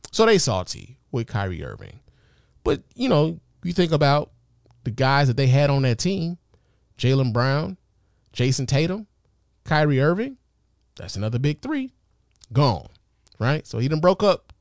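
A man of middle pitch hosts a podcast in a loose, profane, chatty monologue with plenty of fillers and asides. The sound is dry and close, with no room echo. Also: huge pitch swings, measured pace, vocal fry, long pauses. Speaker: podcast host. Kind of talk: casual commentary monologue.

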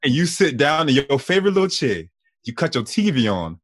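A man speaking as a podcast guest, relaxed and teasing, drawing out his descriptions. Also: mid-range voice, brisk, no echo. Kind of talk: casual chat.

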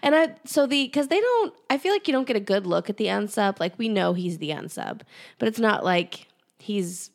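A woman co-hosting a podcast whose voice carries a noticeable gravelly fry. She chats in a relaxed and agreeable way, dropping dry remarks as she goes. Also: mid-range voice, normal speed. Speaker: podcast co-host. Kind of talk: casual chat recapping a TV episode.

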